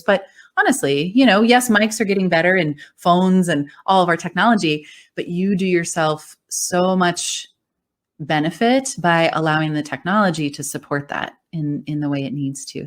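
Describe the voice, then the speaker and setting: A woman speaking as a voice coach, her voice sitting a little low for a woman. She explains things in an encouraging, conversational way and laughs easily along the way. The tone stays friendly and instructive. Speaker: voice coach and speech-language pathologist. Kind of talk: conversational interview.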